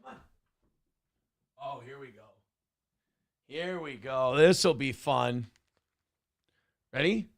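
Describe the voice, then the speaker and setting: A man's voice: mid-range voice, slow pace, creaky, pauses often, no room sound, clean studio sound. A man hosting a casual live stream from home, chatting loosely, swearing freely and coaxing his dog with commands. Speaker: live-stream show host.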